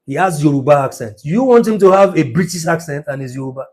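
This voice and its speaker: Fast and animated, this middle-aged man lectures passionately on business numerology in a fairly high, darkish-toned voice. He stretches out words to stress them and keeps asking rhetorical questions.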